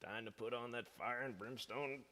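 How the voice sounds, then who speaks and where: A man's voice: medium pitch, fairly even intonation, normal speed, bright, forceful tone, big-room sound. A man from the United States hosting a music livestream, telling rambling stories between songs with many fillers. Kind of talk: casual chat between songs.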